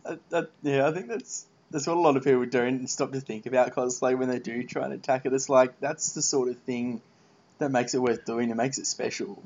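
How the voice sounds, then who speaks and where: A man's voice: medium pitch, steady tone, a little fast, darkish tone. A man hosting a podcast, talking earnestly and rambling a little in casual chat. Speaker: podcast host. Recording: dull muffled podcast audio.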